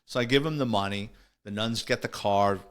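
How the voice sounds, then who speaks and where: A man's voice: fairly low pitch, normal speed, smooth. A middle-aged man, hosting a podcast and telling stories in a casual, wisecracking way, acting out the voices of the people in them. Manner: animated, wisecracking, acts out quoted voices. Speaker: podcast host. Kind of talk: casual storytelling.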